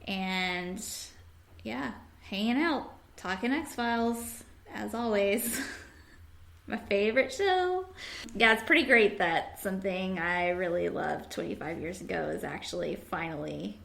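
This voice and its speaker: Speaking slowly with vocal fry, this podcast host has a medium-pitched, fairly bright voice. She keeps things casual, reads out comments from listeners, and laughs a lot.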